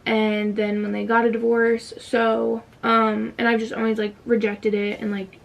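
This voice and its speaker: A woman's voice: a little high, monotone, a little slow, creaky, far from the mic, dull audio. A young woman telling a personal story in a casual vlog, emotional and fighting back tears, with many "like" fillers. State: tight throat from holding back tears. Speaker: vlogger.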